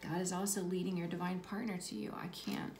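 A woman giving a spiritual tarot reading to her viewers, soft and reassuring, often dropping to a whisper. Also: on the low side, flat delivery, brisk. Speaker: tarot reader. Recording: echoey room, distant mic, background noise.

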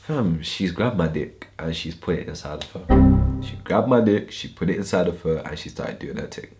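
A man's voice: fairly low pitch, expressive, normal speed, darkish tone, faint music behind. A young man telling a storytime vlog in heavy slang, acting out the voices in his story. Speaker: YouTuber.

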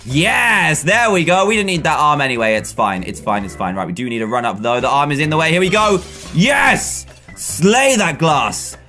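A man giving excitable gameplay commentary, laughing often and bursting into shouts as he plays. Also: fairly high pitch, normal speed, faint music behind. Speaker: gaming commentator.

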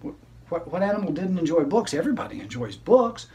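A man's voice: high voice, animated, quick pace, mellow, distant mic. A man who is a magician, hosting a children's library video show and playing straight man to his puppet.

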